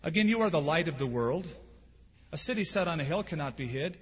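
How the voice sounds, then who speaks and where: Husky-voiced man preaching in a reverberant hall. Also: on the high side, lively intonation, a little fast. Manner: earnest, emphatic preaching with rhetorical questions. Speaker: pastor. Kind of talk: sermon. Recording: dull lo-fi sound with long hall reverb.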